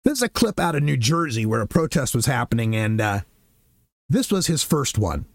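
A man's voice: mid-range voice, sing-song, normal speed, a little hiss or hum. A man delivering an impassioned, sarcastic political commentary monologue.

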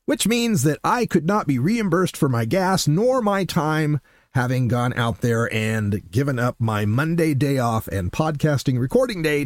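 A man hosting a casual solo podcast, telling stories in an animated way and acting out what people said. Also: a little high, dry recording, clean studio sound. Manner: animated storyteller who acts out quotes. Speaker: podcast host.

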